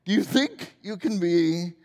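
High-voiced pastor in his forties, unhurried. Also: lively intonation, darkish tone, big-room sound. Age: 40s. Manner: playful, self-deprecating humor. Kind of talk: sermon.

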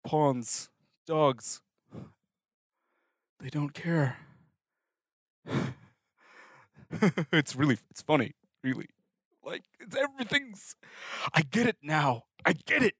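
A despairing man curses fate, his voice leaping high and cracking with bitter energy, as a player puts him on. The husky tone swings wide as he shouts. It is a tabletop role-play captured dry and close. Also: animated, slow pace, pauses often, no echo, exaggerated voice. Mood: manic.

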